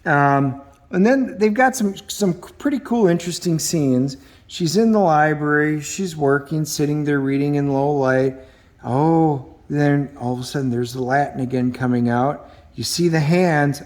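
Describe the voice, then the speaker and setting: A middle-aged man talks through a comic book review in a loose, chatty way. His voice sits a little high, and he fills pauses with ums as he recounts scenes. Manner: chatty, with frequent ums, acting out quoted dialogue. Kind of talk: casual review chat.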